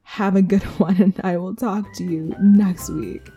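A woman's voice: medium pitch, fairly even intonation, a little slow, lo-fi sound, over music. A woman hosting a casual solo podcast recap, chatty and candid, with swearing and asides to herself. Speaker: podcast host.

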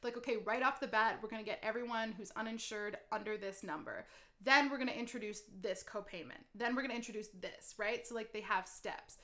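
A woman co-hosting a casual political chat podcast, chatty and animated, with many "like"s. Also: fairly high pitch, brisk. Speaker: podcast co-host.

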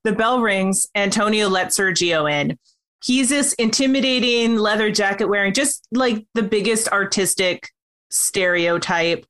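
A woman's voice: medium pitch, a bit bright. Chatty woman recapping a show. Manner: chatty, giggly, quick asides. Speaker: podcast host recapping a TV episode. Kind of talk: casual chat.

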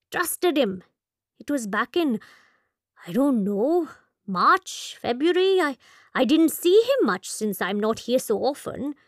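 A woman's voice: high voice, a bit bright, dry recording, heavily acted. A talkative old shopkeeper, put on by a woman narrator for an audiobook, with a genial, rambling way of speaking. His phrasing is formal and old-fashioned, delivered unhurriedly in a close, dry recording. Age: older. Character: elderly male Indian shopkeeper, wry and talkative. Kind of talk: audiobook character voice.

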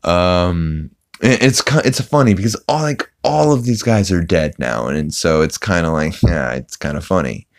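Deep, smooth-voiced man recapping casually. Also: animated. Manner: rambling, many ums and restarts, quick to quote scenes. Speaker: podcast host.

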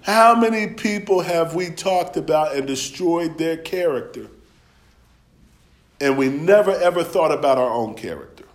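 A man's voice: fairly high pitch, animated, measured pace. A man preaching a sermon, telling stories in a loose, conversational way with laughs along the way. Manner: storytelling, conversational, with dialect and laughs.

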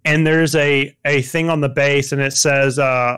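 A man's voice: mid-range voice, fairly even intonation, a little slow, a bit bright, smooth. A young man chatting casually about films, rambling with lots of fillers and restarts.

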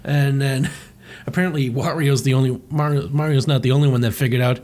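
A man's voice: mid-range voice, a little fast. A man co-hosting a podcast, narrating a comic with crude jokes and frequent laughter. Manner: animated, crude, laughing often. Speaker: podcast co-host. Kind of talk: casual comedic commentary.

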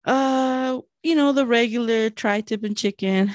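A woman's voice: on the high side, a little slow, no echo, studio quality. Slangy, laughing young woman. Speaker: podcast co-host. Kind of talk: casual chat.

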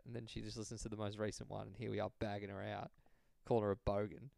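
Young Australian male co-host, casual sweary banter, resonant voice with a touch of fry. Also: lowish voice, brisk. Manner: swears freely, laughs often, animated storytelling. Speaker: podcast co-host. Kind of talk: casual chat.

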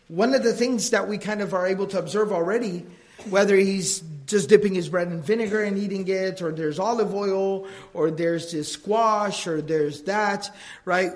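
A man teaching a religious class in a conversational lecture style. He keeps checking in with "right?" and acts out the remarks he quotes. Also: sits high.

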